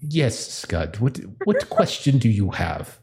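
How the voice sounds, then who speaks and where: Slow-paced and medium-pitched, a game master runs a tabletop session, describing scenes and giving characters voices. He's relaxed and chuckles throughout.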